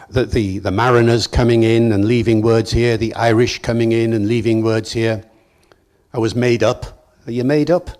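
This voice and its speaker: An older man from Wales giving a lively, anecdotal public lecture in a hall, chuckling now and then. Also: medium pitch.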